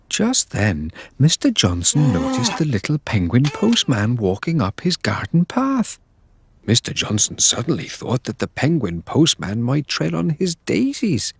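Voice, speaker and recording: A man narrating a children's cartoon story in a gentle, sing-song way. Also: mid-range voice, big pitch swings, unhurried, a little hiss or hum.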